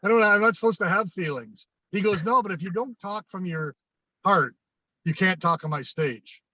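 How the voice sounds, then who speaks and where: A man's voice: sits high, moderate pace, bright, forceful tone, dry recording. A man, a guest on a podcast, telling anecdotes in conversation and acting out the dialogue, often restarting and repeating phrases. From Canada. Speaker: podcast guest, sales coach. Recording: dry, dull lo-fi sound.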